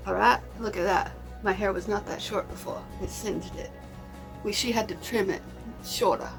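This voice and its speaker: A woman's voice: medium pitch, fairly even intonation, moderate pace, creaky, soft background music, low-quality recording. A woman vlogging in casual chat to camera, rambling and repeating herself.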